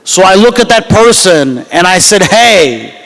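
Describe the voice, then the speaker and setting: A man from the United States performing a loud, self-mocking stand-up comedy set at a gala banquet. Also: high-pitched, expressive, normal speed, rough recording. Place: gala banquet hall with live crowd.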